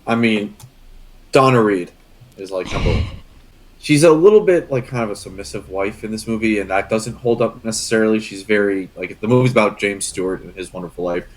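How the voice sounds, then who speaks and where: A man's voice: lowish voice, a little fast. A young man chatting casually on a podcast, earnest and rambling, getting emotional as he talks. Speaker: guest co-host.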